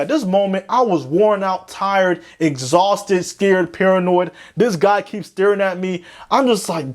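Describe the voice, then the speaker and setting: A man's voice: lively intonation, moderate pace, few pauses. Young man telling a story, voice swinging wildly. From Florida. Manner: slangy, swings between panicky high squeaks and low drawls. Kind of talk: animated storytime narration.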